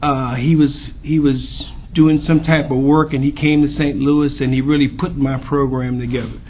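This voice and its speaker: A man sharing his recovery story at a convention, halting with pauses and fillers. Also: mid-range voice, little pitch movement. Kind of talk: personal recovery share. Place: convention meeting room. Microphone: podium microphone. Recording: tinny lo-fi tape with faint hiss.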